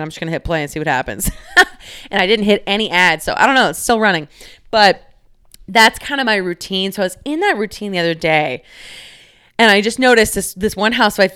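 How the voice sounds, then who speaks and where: A young woman talks through a casual solo podcast episode, candid and rambling, with lots of fillers and easy swearing. Her voice sits a little low and sounds smooth and clear. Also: a bit bright. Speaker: podcast host.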